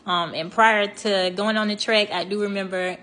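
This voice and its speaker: A young woman recounts a trip in a relaxed storytime vlog. She talks in a loose, chatty way, full of fillers and restarts, and laughs now and then, in a mid-pitched voice. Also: moderate pace, slight background noise.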